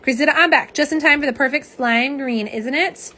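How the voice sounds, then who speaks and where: Chatty middle-aged woman host, fairly high voice. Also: fairly quick, bright, forceful tone. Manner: chatty, bubbly, talks to viewers as y'all. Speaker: nail polish livestream host. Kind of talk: casual livestream chat reading comments. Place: home setup for live streaming. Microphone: phone camera on a live stream.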